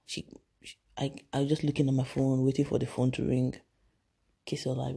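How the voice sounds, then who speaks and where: A young woman, telling a personal story in a halting, emotional way with many restarts. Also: a bass voice, flat delivery, vocal fry, dark tone, breathy edge. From Nigeria. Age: young adult.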